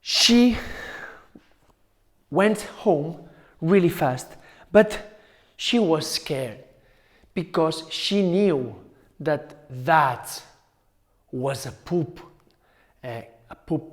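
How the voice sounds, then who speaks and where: Slow-telling male teacher storyteller. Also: fairly high pitch, expressive. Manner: slow, repetitive, dramatic pauses. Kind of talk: storytelling for children.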